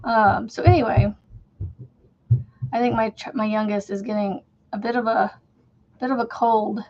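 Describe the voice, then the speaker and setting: A woman's voice: on the high side, fairly even intonation, moderate pace, muffled recording. A woman in her thirties hosting a casual crochet livestream from home, chatting in a rambling way and laughing often as she works. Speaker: crochet channel host.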